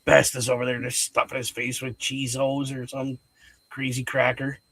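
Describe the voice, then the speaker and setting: A man co-hosting a live watch-along show, eager and excitable, laughing often. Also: medium pitch, moderate pace, breathy edge, no echo. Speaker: co-host.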